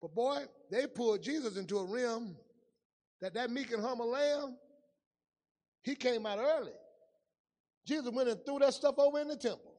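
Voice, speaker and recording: High-voiced pastor preaching in a reverberant hall. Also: male voice, normal speed, long pauses. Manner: conversational preaching, swings between loud and hushed. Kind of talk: sermon.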